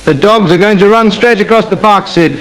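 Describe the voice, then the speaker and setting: A man's voice: high voice, brisk, fairly bright tone, poor audio. A man doing a pompous, fussy, self-pitying gent. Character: pompous suburban man with a fussy, indignant temper. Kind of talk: AI-voiced comedy sketch.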